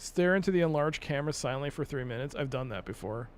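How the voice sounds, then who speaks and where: A man's voice: mid-range voice, expressive, fast. A young man streaming a game live, rambling and mocking himself as he talks to himself and his chat, full of fillers. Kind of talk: casual live-stream commentary.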